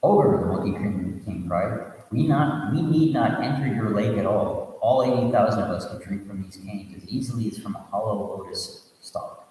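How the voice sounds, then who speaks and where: A low-voiced man reads a teaching story as a sermon, breaking off for asides and restarting lines. His voice comes from a distant mic in a room full of long, echoing reverb. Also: normal speed, dark tone. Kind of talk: storytelling sermon reading a Buddhist tale.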